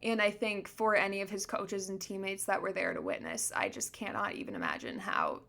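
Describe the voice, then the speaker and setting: A woman's voice: mid-range voice, wildly swooping pitch, a little fast, vocal fry, fairly bright tone. A young woman hosting a podcast, sharing a painful personal story in an earnest, reflective way, with many "like" fillers. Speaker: podcast host.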